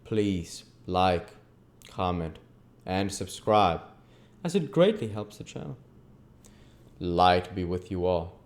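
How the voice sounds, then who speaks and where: A man narrating a classic novel aloud as an audiobook reader, in a measured storytelling manner. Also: low-pitched, expressive.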